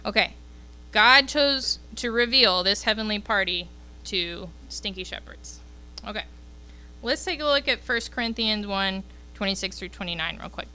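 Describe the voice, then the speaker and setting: Bright, clear-voiced woman leading youth group. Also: mid-range voice, expressive, moderate pace. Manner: chatty, checks in with the group with frequent "okay?". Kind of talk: casual Bible lesson to teens.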